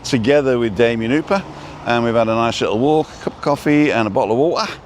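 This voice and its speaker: A man's voice: mid-range voice, fast, slight background noise. A man hosting a casual outdoor live stream, rambling and reading out viewer comments as he goes.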